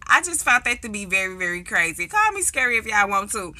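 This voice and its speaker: A woman's voice: mid-range voice, big pitch swings, fairly quick, sharp tone. A young woman with a St. telling blunt, profane stories in a casual vlog, acting out the voices of people she quotes. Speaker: vlogger. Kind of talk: casual storytelling monologue.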